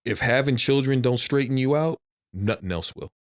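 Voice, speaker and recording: A man's voice: medium pitch, normal speed. A middle-aged man in casual podcast chat, rambling and repeating himself, swearing now and then. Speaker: podcast guest.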